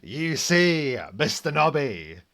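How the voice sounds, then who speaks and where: Unhurried male game master, mid-pitched voice, loose storyteller. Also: very animated, pushed and bright. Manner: storytelling with fillers and self-corrections. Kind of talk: narrating a tabletop game.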